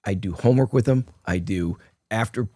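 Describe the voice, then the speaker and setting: A man's voice: fairly low pitch, fairly quick, mellow, no room sound, clean studio sound. An older man, a guest in an interview, telling rambling anecdotes full of restarts and quoted dialogue. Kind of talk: casual storytelling interview.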